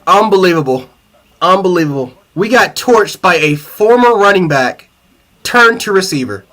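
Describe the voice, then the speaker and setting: A man's voice: sits high, expressive, moderate pace, a bit bright. Heated man ranting about football. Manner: angry, profane, repeats himself. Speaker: sports livestream host. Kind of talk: heated fan reaction rant.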